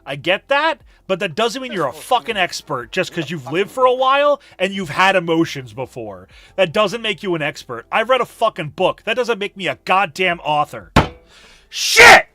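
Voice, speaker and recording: A man's voice: sits high, sing-song, normal speed, hardly any pauses. A man chatting on a live stream, emphatic and profane, ranting and reading chat messages aloud.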